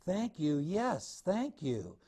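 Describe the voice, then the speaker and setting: A man's voice: high-pitched, huge pitch swings, slow, dark tone, slightly rough, pitched above the performer's own voice, exaggerated voice. A man voicing a polite, friendly duck in a sweet, lifted storybook voice. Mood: pleased.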